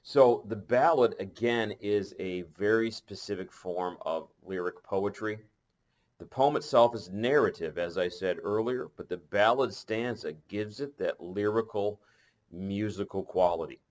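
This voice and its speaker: A male teacher giving a recorded lesson, talking in a conversational way, pausing on fillers and correcting himself as he goes. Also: low-pitched.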